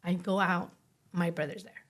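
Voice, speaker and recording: A woman's voice: lowish voice, fairly even intonation, moderate pace, a bit bright, a little hiss or hum. A woman in her late twenties, a podcast guest, telling her story casually with lots of "like" and acted-out quotes. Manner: chatty, fills speech with "like", acts out quoted dialogue.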